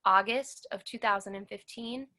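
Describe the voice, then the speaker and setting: This interview guest, a woman in her thirties, speaks at a moderate pace in a mid-range voice with a sharp tone. With earnest sincerity she narrates her own story, acting out other people's dialogue.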